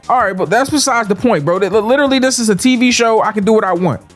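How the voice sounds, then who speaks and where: A man's voice: high-pitched, fast, few pauses, faint music behind. A man narrating a comedic TV recap, slangy, rambling and joking. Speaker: show recap host.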